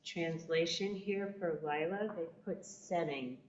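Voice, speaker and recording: A woman with a fairly low voice adds to a group text study, hesitant and searching for her words. The sound is echoey and dull, with faint noise behind it. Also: slow pace. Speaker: participant. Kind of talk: discussion contribution.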